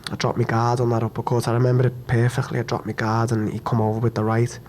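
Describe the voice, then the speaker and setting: A young man with a mid-range, monotone, darkish voice answers questions at a post-fight press conference, upset and hurt after losing. He's blunt and repetitive, swearing and stumbling through halting restarts.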